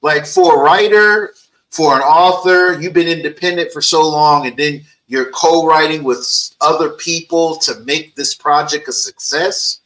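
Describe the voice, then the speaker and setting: A man hosting a casual interview, animated and joking, often stumbling and repeating words. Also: a little high, a little slow, poor audio. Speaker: interview host.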